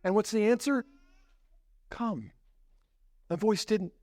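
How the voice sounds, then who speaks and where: A man preaching a sermon as pastor, telling a story vividly, dropping low and quiet, then rising in intensity, and putting rhetorical questions to the congregation. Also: expressive, normal speed.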